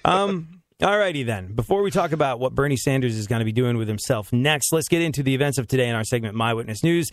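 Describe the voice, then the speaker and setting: A man's voice: mid-range voice, animated, fast, few pauses, no echo. Rambling, laughing man hosting a podcast. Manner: rambling, laughs often, many restarts. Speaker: podcast host. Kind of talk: casual comedic chat.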